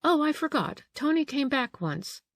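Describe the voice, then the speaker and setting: A woman's voice: high voice, very animated, moderate pace, no echo, pitched above the performer's own voice. A woman voicing a frightened middle-aged female housekeeper in an audiobook, anxious and eager to please. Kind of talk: audiobook character reading.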